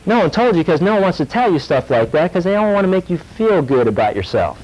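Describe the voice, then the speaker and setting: Animated man preaching a sermon. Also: sits high, fast, muffled recording. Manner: animated, jokey storytelling with sudden drops to earnest. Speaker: pastor.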